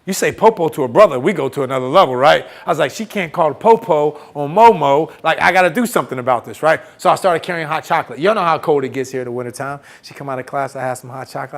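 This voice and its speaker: A man's voice: a little high, fast talker, gravelly, hardly any pauses. A man who is a motivational speaker, telling a story on stage to students. He acts out the voices of the people in it and calls on the crowd to answer back. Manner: calls out to the audience and gets them to answer back. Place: campus event hall.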